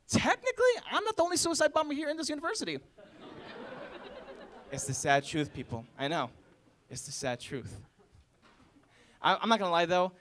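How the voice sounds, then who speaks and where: Lively young man doing stand-up. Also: very high-pitched. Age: 20s. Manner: animated storytelling, acting out family and strangers. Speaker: stand-up comedian. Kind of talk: college stand-up set. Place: college stage before a laughing audience.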